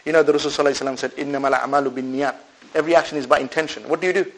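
A man's voice: on the high side, very fast, low-quality recording. A man preaching a sermon to a live audience, asking rhetorical questions and answering them himself, with Arabic religious phrases woven in. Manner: animated, swings between loud and soft. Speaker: Islamic preacher.

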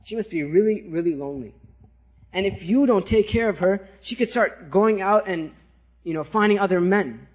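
A man's voice: sits high, moderate pace. A man voicing a sly male devil who whispers temptations in a coaxing, persuasive tone.

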